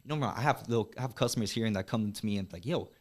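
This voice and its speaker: A man, a podcast guest who runs a boba shop, talking casually and quickly with lots of "like" and some swearing. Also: on the low side. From West Texas. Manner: fast, loose, swears freely, lots of "like". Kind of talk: casual chat.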